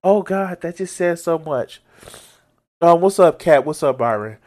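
Animated high-voiced man reacting. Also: measured pace. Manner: profane, excitable, laughs often. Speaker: video reactor. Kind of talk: casual reaction commentary.

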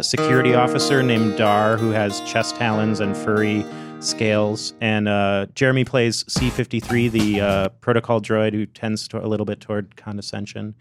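A man guesting on a podcast, upbeat and filler-heavy as he describes his show. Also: lowish voice. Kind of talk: casual chat.

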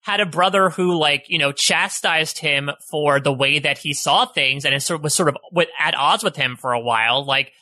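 A man co-hosting a podcast, building thoughtful, analytical points in a steady way. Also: a little high, moderate pace, hardly any pauses, dry recording. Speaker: podcast co-host. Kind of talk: casual podcast discussion.

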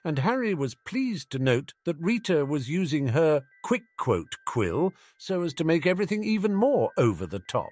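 A man narrating a fan-fiction audiobook in a wry, lively storytelling manner. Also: a little high, normal speed, hardly any pauses, no room sound. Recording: dry close recording with faint music.

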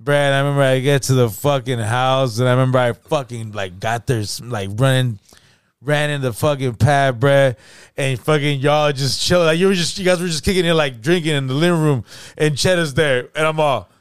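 A man's voice: mid-range voice, fairly quick, smooth, no room sound, clean studio sound. A young man, telling a profane, laughing story in casual chat and acting out the quotes. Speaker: podcast host.

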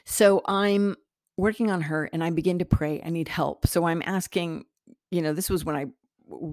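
A middle-aged woman with a low voice tells a personal story in an earnest, meandering way. Her tone is gravelly, full of fillers and false starts, and the sound is dry and close. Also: darkish tone, no echo. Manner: earnest, rambling, many fillers and restarts. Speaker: podcast host, healer.

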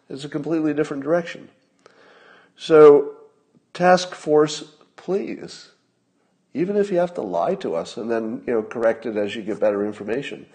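A man's voice: mid-range voice, a little mellow. A man talking in a loose, conversational monologue, thinking aloud with fillers and restarts. He builds into a heated, profane rant, hammering his points with swearing. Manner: ranting, profane, escalating. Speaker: commentator. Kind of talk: angry monologue.

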